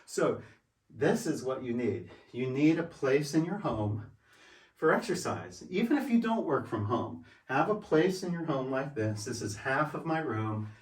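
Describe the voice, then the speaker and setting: A man's voice: medium pitch, very animated, unhurried. A sixty-year-old man, slightly winded, speaks from some distance off the mic in a roomy home space. He drives his points home by repeating them as he shows how things work. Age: 60s. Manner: emphatic, repeats points, demonstrates while talking. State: out of breath. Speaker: fitness vlogger. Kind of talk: casual vlog talk. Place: room at home.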